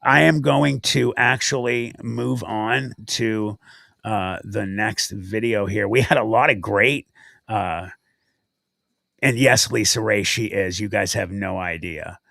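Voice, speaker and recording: Slow creaky-voiced male host. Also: fairly low pitch, bright, forceful tone, no echo, clean studio sound. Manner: laid-back, reads out viewer comments. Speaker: livestream host. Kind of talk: casual livestream chat.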